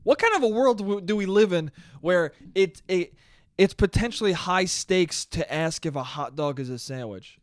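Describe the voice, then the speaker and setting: A young man delivering a solo comedy podcast rant that is animated and profane, slipping into acted-out snippets of dialogue. His voice sits a bit high for a man. The sound is dry and close, with no room echo. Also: normal speed. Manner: ranting, animated, profane, acts out quoted dialogue. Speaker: podcast host.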